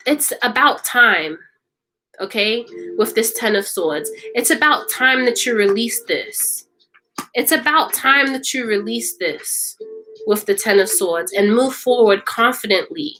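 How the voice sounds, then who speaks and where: A woman's voice: on the high side, animated, slow pace, sharp tone, rough recording. A woman reading tarot cards for viewers in an emphatic, repetitive way, often checking in with "okay?". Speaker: tarot reader.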